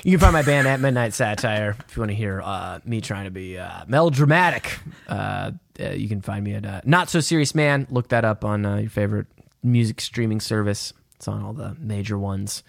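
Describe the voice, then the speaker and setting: A young man co-hosting a casual film podcast with a gravelly, creaky voice. He rambles with plenty of restarts and throws in jokes. The sound is dry and close, with no room echo. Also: fairly low pitch, brisk. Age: young adult. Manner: rambling, self-interrupting, joking. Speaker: podcast co-host.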